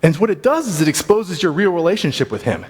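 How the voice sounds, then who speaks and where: A man's voice: high voice, big pitch swings, fast talker, slightly rough. A man teaching a church Bible class in a casual, plain-spoken way, thinking aloud as he goes. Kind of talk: conversational Bible class talk. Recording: long hall reverb.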